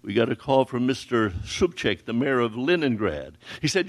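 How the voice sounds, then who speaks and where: Older man telling a lively testimony. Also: mid-range voice, moderate pace, vocal fry. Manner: repeats words when excited, quotes people in dialogue. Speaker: ministry founder telling a testimony. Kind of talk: sermon-style testimony storytelling.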